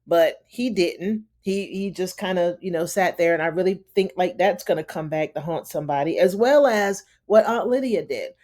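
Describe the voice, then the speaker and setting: A woman's voice: on the low side, moderate pace, hardly any pauses, a little mellow. A woman casually recapping a TV episode, telling the story in a loose, conversational way and acting out the characters' lines. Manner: loose, conversational with frequent "you know" and "honey". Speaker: TV recap host.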